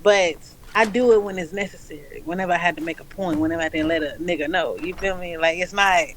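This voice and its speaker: A woman's voice: lowish voice, fast talker, slight background noise. Giggly woman in her twenties. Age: 20s. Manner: giggly and easygoing, with casual slang. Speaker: guest. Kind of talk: casual livestream chat.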